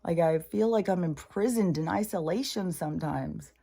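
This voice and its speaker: Older woman, low voice, rambling and profane. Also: moderate pace, creaky, mellow, breathy edge. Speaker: spiritual channeler. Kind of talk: casual monologue.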